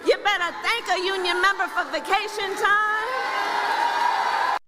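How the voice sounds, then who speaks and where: A woman politician delivering a rally speech in a very high voice, with an emphatic, repetitive chanting cadence. It is a clip from a rally, and a roaring crowd and heavy noise sit under her voice. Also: fairly even intonation, slow.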